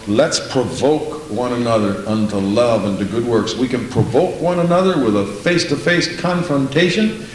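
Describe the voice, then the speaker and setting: A man teaches a Sunday school lesson in a preaching manner, exhorting his listeners and repeating key phrases. His voice sits in the middle range. The recording is roomy, with a faint low rumble behind him. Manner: exhorting, repeats phrases, says "Praise the Lord". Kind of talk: sermon-style Bible lesson. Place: church.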